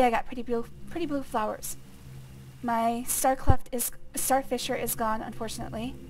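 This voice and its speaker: Woman streamer, slightly high and gravelly, chatty let's-play talk; steady noise under the mic. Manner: chatty, explains as she plays. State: gravelly, phlegmy voice. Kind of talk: casual let's-play commentary. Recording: clear steady background noise.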